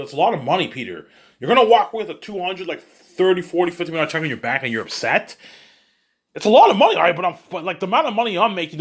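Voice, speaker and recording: A man's voice: a little high, fairly bright tone. A man rambling in a casual monologue, repetitive and boastful. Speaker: monologue host.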